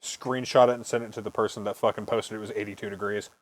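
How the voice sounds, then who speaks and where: A man in his early twenties hosts a casual podcast, telling meandering stories, swearing freely and laughing often. His voice is lowish and flat, he talks quickly, and there's no echo.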